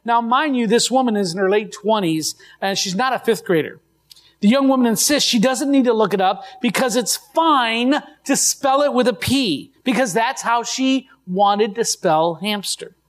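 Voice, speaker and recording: Male pastor, high-pitched, chatty sermon delivery with restarts, live church mic. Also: moderate pace. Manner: conversational storytelling with restarts.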